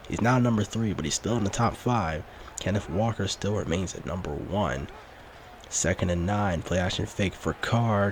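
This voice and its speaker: Man, low voice, video game play-by-play, mock broadcaster delivery, noisy background. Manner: mock sportscaster play-by-play, lively on big plays. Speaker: gaming YouTuber.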